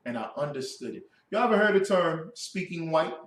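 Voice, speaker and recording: A religious teacher gives a classroom sermon, preaching with lots of rhetorical questions. His voice is on the high side, expressive, and a little fast, captured by a distant mic in an echoey room.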